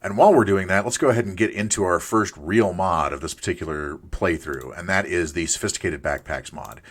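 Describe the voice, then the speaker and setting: A man's voice: low voice, a little fast, breathy edge. A man in his forties chatting casually and rambling through gameplay commentary as a let's play host, thinking aloud with restarts. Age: 40s. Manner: playful asides to himself.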